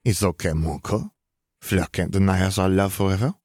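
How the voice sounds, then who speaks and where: A man reads as a mischievous younger sister with a chirpy, flirty lilt in this storybook. His voice stays low underneath, recorded close and dry. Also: moderate pace, a little mellow, dry recording.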